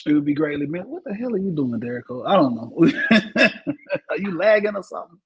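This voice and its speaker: A man hosting a casual sports talk podcast, energetic and ending nearly every phrase with "man". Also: fairly high pitch, brisk, slightly rough, lo-fi sound. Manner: energetic, tags "man" onto most phrases. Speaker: podcast host.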